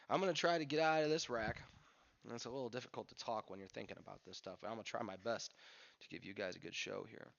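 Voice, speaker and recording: A man's voice: mid-range voice, gravelly, fairly bright tone. A man teaching pool as he plays, thinking aloud in a candid coaching manner. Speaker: pool instructor. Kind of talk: instructional commentary while playing. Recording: lo-fi dull sound.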